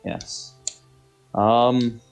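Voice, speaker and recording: A man's voice: medium pitch, flat delivery, extremely slow, faint music behind. A man narrating as game master, rambling and hesitant with many fillers. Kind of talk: narrating a tabletop game over voice chat.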